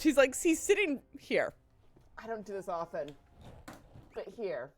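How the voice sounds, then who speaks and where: A woman's voice: medium pitch, very animated, unhurried, long pauses, no echo, clean studio sound. A woman streaming a game live, chatting in a rambling, heartfelt way and greeting viewers effusively. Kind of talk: casual live-stream chat.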